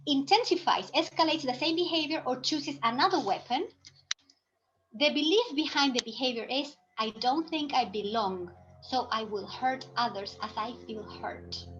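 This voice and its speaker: A woman with a high voice leads a workshop for teachers, talking in a loose, chatty way and often restarting her sentences. The recording is slightly dull and lo-fi. Faint background noise sits under her voice. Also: a bit bright. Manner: chatty, thinking aloud with frequent "it's like" and restarts. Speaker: teacher trainer presenting a workshop. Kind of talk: live presentation to teachers.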